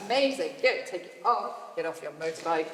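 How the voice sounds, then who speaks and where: Woman choral workshop leader, playful, encouraging, very lively pitch, distant mic in an echoey hall. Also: fairly quick, heavy background noise. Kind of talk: leading a group vocal warm-up. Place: large hall with a group.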